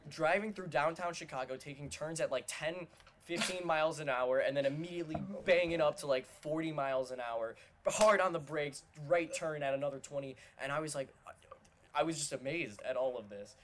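A man co-hosting a podcast, telling a lively story in casual chat. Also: on the high side, a little fast, a crowd in the background. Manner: animated storytelling, often quoting others. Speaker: podcast co-host.

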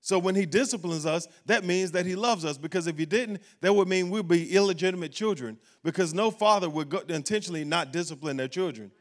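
A male pastor delivers a sermon in a church sanctuary, his voice sitting a touch higher than most men's. He preaches emphatically, repeating key phrases to drive each point home. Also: fairly quick, few pauses.

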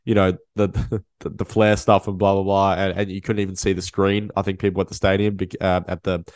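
A man hosting a casual sports podcast, talking in an animated way and often repeating and restarting his words. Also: sits low, fairly quick, dry recording. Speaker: podcast host. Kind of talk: casual chat.

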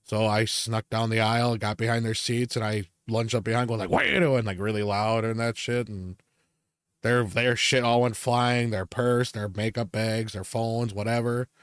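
A man's voice: lowish voice, level tone, normal speed, clean tone, dry recording, clean studio sound. Foul-mouthed man ranting through stories. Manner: ranting storyteller, heavy swearing and fillers. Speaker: podcast co-host. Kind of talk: casual chat.

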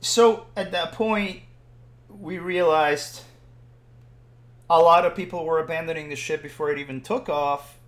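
A man from Puerto Rico telling a story in casual chat, animated and building to loud bursts when excited. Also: on the high side, a little slow, long pauses. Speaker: podcast host telling a story. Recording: roomy echoing room.

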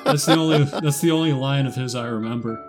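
A man co-hosting a comedy podcast, trading dry, deadpan jokes with his partner. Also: mid-range voice, fast talker, music in the background. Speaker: podcast co-host.

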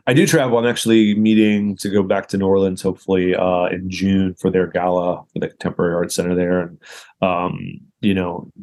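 A man speaking as a guest in a casual interview, pausing often with fillers. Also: low-pitched, flat delivery, a little mellow. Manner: hesitant, many "uh" and "you know". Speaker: guest artist.

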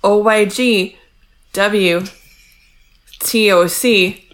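A woman's voice: mid-range voice, extremely slow, fairly bright tone. A woman co-hosting a podcast, chatting casually and wryly about a TV episode, laughing often. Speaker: podcast co-host. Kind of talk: casual recap chat.

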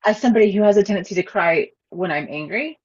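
A woman hosting a casual interview, talking in an animated, expressive way about emotions at work. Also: medium pitch, quick pace, muffled recording. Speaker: podcast host.

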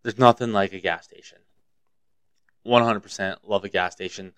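Young man, low voice, smooth and clear, dry close sound, profane rambling podcast rant. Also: fairly even intonation, moderate pace, a bit bright, no room sound. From Montana. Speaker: podcast host. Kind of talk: casual solo podcast rant.

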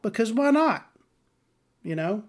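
A man's voice: sits high, big pitch swings, slow. A man, hosting a podcast in a rambling, profane, sardonic monologue. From Southern US. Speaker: podcast host.

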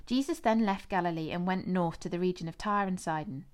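A woman narrating a scripture passage in a measured, expressive reading. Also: on the low side. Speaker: scripture reader.

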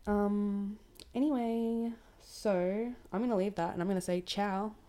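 A woman hosting her own casual solo podcast, rambling and self-deprecating, swearing freely in a somewhat monotone voice. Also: medium pitch, unhurried. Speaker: podcast host.

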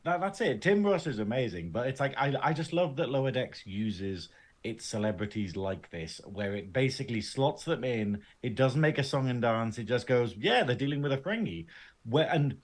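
A man co-hosting a casual podcast, excitable and sweary, tripping over his own restarts. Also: medium pitch, moderate pace. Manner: animated, stumbling restarts, sweary. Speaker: podcast co-host.

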